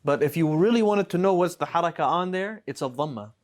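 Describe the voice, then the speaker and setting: Patient Arabic teacher explaining grammar. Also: male voice, on the high side, lively intonation, fast talker, darkish tone. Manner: patient, explains with repeated examples and checks "right?". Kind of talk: classroom lesson.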